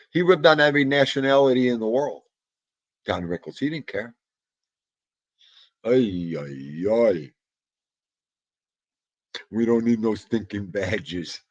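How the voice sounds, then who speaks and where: A man hosting a casual livestream, chatting to viewers and reading their comments in a rambling, animated way, with sudden loud exclamations. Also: medium pitch, no room sound, lo-fi sound.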